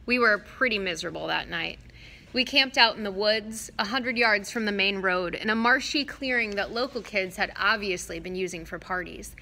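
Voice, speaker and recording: Bright-voiced woman reading a novel. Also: medium pitch, moderate pace. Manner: steady, expressive storytelling. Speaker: audiobook reader.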